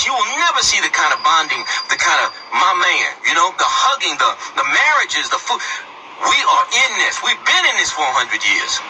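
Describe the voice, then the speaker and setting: A man with a high, swooping voice speaks with fiery emphasis and a preacher-like rhythm. He sounds set back from the microphone. Heavy broadcast hiss runs under him. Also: recorded from a distance. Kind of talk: impassioned radio talk.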